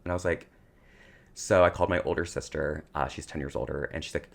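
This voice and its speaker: Male podcast co-host, low and gravelly, emotional storyteller. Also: fast. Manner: emotional, tearful at times, animated storytelling. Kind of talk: casual chat, personal storytelling.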